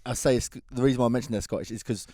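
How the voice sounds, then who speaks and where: An English man co-hosting a podcast, telling a long anecdote in a lively, laughing way. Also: medium pitch, racing, slight background noise. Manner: animated storyteller, laughs through his tale. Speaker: podcast co-host. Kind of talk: casual chat, anecdote telling.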